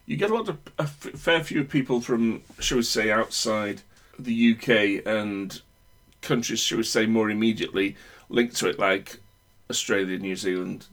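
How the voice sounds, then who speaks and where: A man's voice: fairly low pitch, normal speed, few pauses, fairly bright tone. A man with a northern English accent in casual chat, rambling and opinionated with many restarts. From Northern England.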